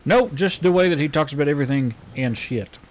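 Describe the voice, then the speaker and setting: A man playing a frontier healer in relaxed in-character roleplay, rambling and hesitant with many fillers. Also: fairly high pitch, fairly quick. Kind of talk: in-character western roleplay chat.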